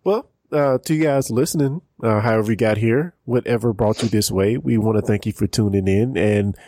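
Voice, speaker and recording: A man hosts a fan podcast in an upbeat, chatty style, introducing guests and reading plugs. His voice is fairly low, brisk and warm, captured in a dry, studio-quality recording.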